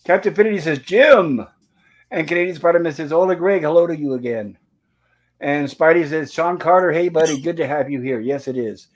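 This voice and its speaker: A man with a slightly high voice hosts a casual livestream and greets viewers one comment after another. He rambles in a friendly way, trailing off and restarting his sentences often. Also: brisk. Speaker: host of a review livestream.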